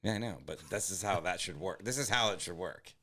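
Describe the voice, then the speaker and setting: A man, a comedian co-hosting a podcast, bantering casually and objecting with quick sarcasm. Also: low-pitched, sharp tone.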